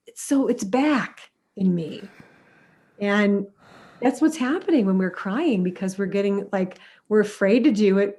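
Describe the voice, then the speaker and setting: Animated middle-aged woman music therapist. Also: fairly high pitch. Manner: animated, storytelling with acted-out quotes. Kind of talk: conversational interview answers.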